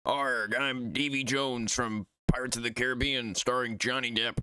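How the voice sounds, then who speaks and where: A man voicing a silly, gruff male pirate-like monster in a game battle. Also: mid-range voice, fairly even intonation, normal speed, sharp tone, no room sound. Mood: growling. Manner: growling, silly.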